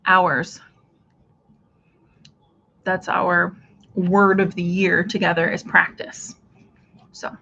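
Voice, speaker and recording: A woman hosts a relaxed craft livestream in a middle-pitched voice. She rambles warmly through viewer comments, restarting her thoughts as she goes. The recording is muffled and lo-fi. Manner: chatty, reads out viewer comments, trails off and restarts. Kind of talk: casual livestream chat with viewers.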